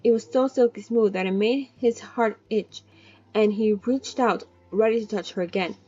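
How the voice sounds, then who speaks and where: A woman's voice: on the high side, normal speed, dark tone, husky, muffled recording. A woman reading a novel aloud in a casual way, stumbling and correcting herself now and then. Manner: reads steadily, breaks in with cheeky swearing asides and self-corrections. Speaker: reader of a novel. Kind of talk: casual read-aloud with commentary.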